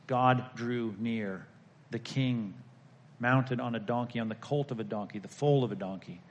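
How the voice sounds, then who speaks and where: A male pastor preaching a sermon, talking conversationally with the congregation and moving between emphatic peaks and hushed lines. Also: medium pitch, normal speed.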